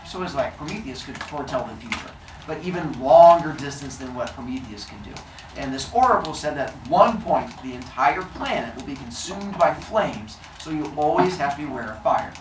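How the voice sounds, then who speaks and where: A man's voice: mid-range voice, animated, fairly quick, reverberant, distant mic, background noise. A man telling a myth to children in a comic, conversational way. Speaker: storyteller. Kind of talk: animated myth retelling to children.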